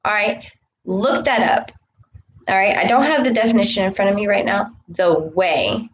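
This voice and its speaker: A woman giving a casual spiritual talk to camera, preaching with a steady stream of "okay" and "all right". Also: medium pitch, normal speed, dull audio, noisy background. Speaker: spiritual vlogger.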